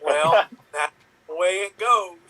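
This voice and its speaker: A man improvising a comic scene with deadpan, short replies. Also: sits high, slow pace, far from the mic. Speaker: improv performer.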